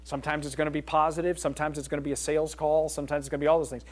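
A man's voice: on the high side, flat delivery, very fast. A middle-aged man speaking earnestly to a group, taking questions in a loose, conversational way and often checking in with his listeners. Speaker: speaker leading a group session. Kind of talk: informal talk with audience questions.

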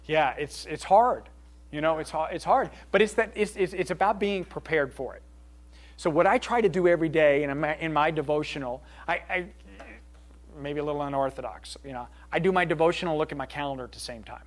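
Leading a casual group session with audience questions, a middle-aged man talks earnestly and keeps checking in with those listening. His voice leans high and his pace is a little quick.

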